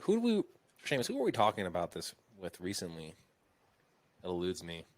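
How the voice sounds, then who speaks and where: A man's voice: sits low, wildly swooping pitch, a little fast, slight background noise. A man hosting a podcast interview, chatting casually and rambling with many fillers. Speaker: podcast host.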